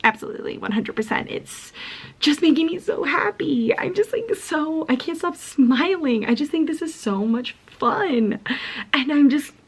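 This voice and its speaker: A woman's voice: sits high, expressive, moderate pace. A young woman chatting casually in a reading vlog, gushing and giggly, full of "like" and often dropping into a whisper. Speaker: book vlogger.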